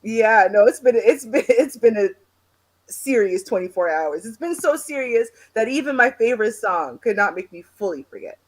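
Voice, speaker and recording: A woman from Canada co-hosting a podcast, telling stories in an animated, dramatic, chatty way. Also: a little high, normal speed. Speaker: co-host. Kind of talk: casual chat.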